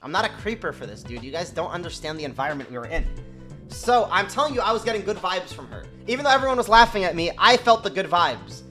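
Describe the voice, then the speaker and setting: A man's voice: sits high, very animated, sharp tone, faint music behind. A young man telling a casual story to his stream, full of slang and swearing, acting out the people in it. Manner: fast slangy storytelling, quotes people in their voices; swearing, repeats "you know what I'm saying".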